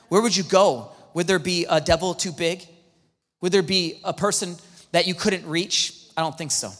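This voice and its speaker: A man preaching as a pastor, excitable, swinging from hushed asides to near-shouts and acting out quoted dialogue. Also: a little high, moderate pace. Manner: acts out quoted dialogue in the talk. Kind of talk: sermon. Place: church hall. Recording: long hall reverb.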